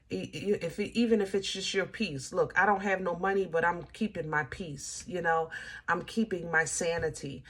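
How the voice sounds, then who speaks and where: Bright-voiced chatty woman reading tarot. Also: medium pitch. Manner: animated, chatty, laughs at herself, speaks to viewers as y'all. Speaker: tarot reader. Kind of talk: casual tarot reading monologue.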